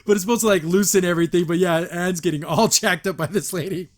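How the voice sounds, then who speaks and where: A man hosting a casual episode review, chatty and quick to laugh, with lots of filler words. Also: high voice. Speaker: host.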